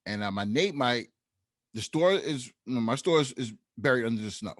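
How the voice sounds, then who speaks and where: A man's voice: mid-range voice, a little fast, no echo, clean studio sound. Laughing, storytelling New man. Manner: storytelling, laughs often, animated when annoyed. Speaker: podcast co-host. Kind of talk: casual podcast chat.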